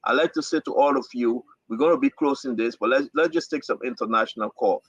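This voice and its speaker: A man's voice: medium pitch, fast, slightly rough, no room sound, dull audio. A man with a Liberian accent hosting a talk show, delivering fiery political commentary with repetitive, preacher-like emphasis.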